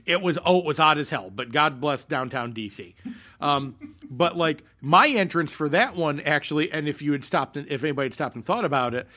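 A man's voice: on the high side, expressive, a little fast, bright, forceful tone. A man telling a long theater story in casual podcast chat, rambling with many fillers and restarts. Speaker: podcast co-host.

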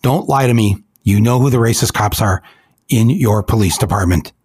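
Man, husky, low-pitched, dry close sound, angry commentary. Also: moderate pace, darkish tone, no room sound. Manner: angry, emotional, accusatory. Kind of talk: impassioned commentary.

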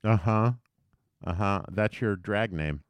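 A man co-hosting a comedy radio show, teasing and sarcastic with deadpan jabs. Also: lowish voice, slow, clear, resonant tone, no room sound. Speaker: radio co-host. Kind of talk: casual comedic radio banter.

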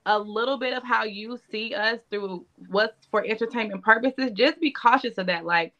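A woman's voice: fairly high pitch, normal speed, a bit bright, muffled recording. A woman who has been on a reality show, earnestly cautioning viewers about their comments. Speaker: former reality show cast member. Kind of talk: casual chat.

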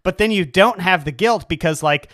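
A man in his thirties, co-hosting a casual comedy chat with deadpan, overblown rants. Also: high-pitched, moderate pace, no echo, clean studio sound. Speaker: podcast co-host.

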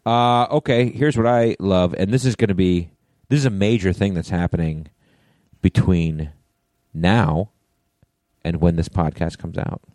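A man co-hosting a casual comedy podcast from a hotel room, chatty and quick to laugh along. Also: low voice, fairly even intonation, mellow, dry recording. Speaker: podcast co-host.

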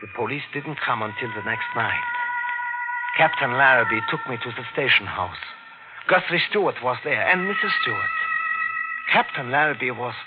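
A man's voice: mid-range voice, expressive, normal speed, natural voice. An actor playing an earnest, hesitant male waiter who narrates and stammers, in a 1940s-style radio drama. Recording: tinny old radio broadcast with music.

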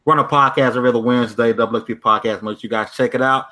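A man guests on a gaming podcast, upbeat and quick to joke. His voice is bright and clear, and the talk stays casual. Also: medium pitch, fairly even intonation.

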